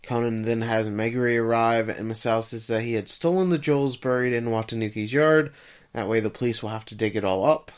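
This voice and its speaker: A man's voice: mid-range voice, a little fast, smooth. A man co-hosting a podcast, summarizing the plot of an episode in a casual way and turning to his co-host with questions. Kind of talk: casual recap chat.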